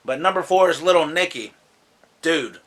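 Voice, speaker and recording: A man's voice: a little high, normal speed, a bit bright. A man who says he is drunk, casually counting down his favorite comedies in a loose, rambling, profane way, laughing often. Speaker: movie vlogger.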